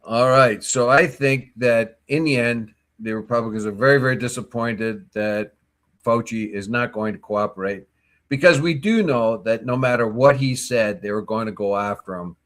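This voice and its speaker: A man co-hosting a morning talk show, telling stories and giving opinions in a casual, animated way. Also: medium pitch, moderate pace. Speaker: co-host. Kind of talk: casual chat.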